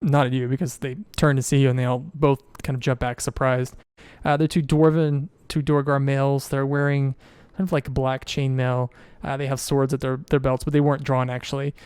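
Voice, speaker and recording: A man's voice: mid-range voice, level tone, a little fast, darkish tone, clean tone, dry recording, studio quality. A man narrating as game master in a loose way, with many fillers and restarts.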